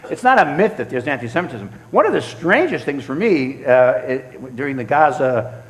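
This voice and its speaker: A man's voice: medium pitch, moderate pace. A man answering audience questions at a synagogue award event, telling stories in a loose conversational way with many restarts and acted-out quotes. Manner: animated storyteller, acts out quotes, frequent restarts. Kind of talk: conversational Q&A talk. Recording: reverberant hall.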